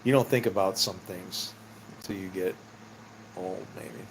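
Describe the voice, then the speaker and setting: A man's voice: deep voice, fairly even intonation, measured pace, noisy background. A middle-aged man telling rambling personal stories in a casual, meandering way, laughing often and swearing freely. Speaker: vlogger.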